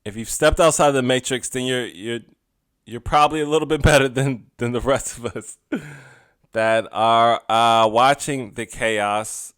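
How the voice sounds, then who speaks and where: A young man talks alone into a close mic for his podcast, loose and chatty, breaking into laughs as he goes. His voice sits at an ordinary middle pitch, and the sound is dry with no room around it. He swings from punchy asides to soft, reflective murmurs. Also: fairly even intonation, unhurried, smooth, no echo. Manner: chatty, laughs often, drifts between loud bits and quiet musing. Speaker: podcast host. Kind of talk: casual solo podcast monologue.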